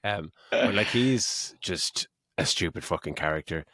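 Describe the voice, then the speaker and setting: A man's voice: deep voice, lively intonation, measured pace, fairly bright tone, husky, no room sound, clean studio sound. A middle-aged man co-hosting a casual film review podcast, swearing a lot and mocking the plot with frequent laughs. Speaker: podcast co-host.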